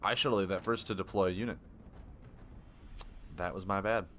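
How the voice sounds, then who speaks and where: Low-voiced excitable male streamer. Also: moderate pace, soft background music. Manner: excitable, thinks aloud, self-deprecating. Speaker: streamer playing a card game. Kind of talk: live gameplay commentary.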